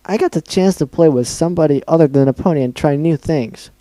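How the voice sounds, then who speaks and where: A man's voice: a little high, brisk, mellow, dry recording, lightly acted. A man voicing a cheerful, murderous female pink pony, bubbly and sing-song with a sweetly sinister edge. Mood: gloating.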